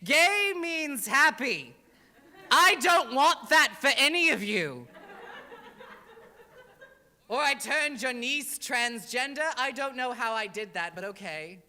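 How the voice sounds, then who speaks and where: A woman's voice: high-pitched, animated, takes it slowly, pauses often, voice pushed up, heavily acted. A woman voicing a sassy, campy Satan in a put-on British accent, mocking the audience theatrically in a church comedy monologue. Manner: mocking, theatrical, loud and exaggerated. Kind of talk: comic drag monologue. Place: church sanctuary. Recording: reverberant church hall.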